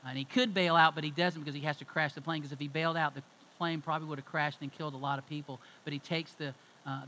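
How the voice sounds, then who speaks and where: A man's voice: on the high side, sharp tone, a little hiss or hum, low-quality recording. A middle-aged man preaching a sermon, emphatic and conversational as he tells stories. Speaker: pastor.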